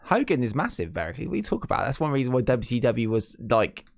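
A British man in his own voice, co-hosting a casual wrestling podcast. He talks at a middle pitch and gets opinionated, ranting and repeating his points. The sound is dry and close, with no room around it. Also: very animated, fast, vocal fry, no room sound. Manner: opinionated, rants loudly and repeats himself. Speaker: podcast co-host.

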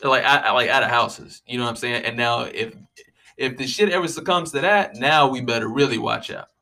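A man's voice: mid-range voice, brisk, creaky, sharp tone. A young man hosting a podcast alone, rambling in a casual, profane way with a lot of "you know what I mean.". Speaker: podcast host. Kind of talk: casual solo monologue.

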